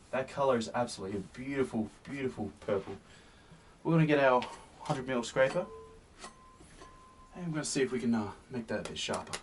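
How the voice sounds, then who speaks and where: Gentle soft-spoken man teaching painting. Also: mid-range voice, expressive, a little fast. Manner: gentle and encouraging, often sinks to a soft near-whisper. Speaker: painting tutorial host. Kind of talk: painting demonstration. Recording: slightly distant mic with faint hiss.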